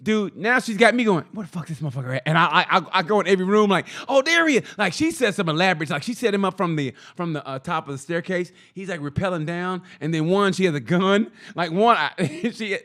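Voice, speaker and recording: A man co-hosting a comedy podcast, chatting casually and profanely, acting out little scenes with sudden loud outbursts. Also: high voice, brisk, hardly any pauses. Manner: animated, profane, acts out voices with loud outbursts. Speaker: podcast co-host.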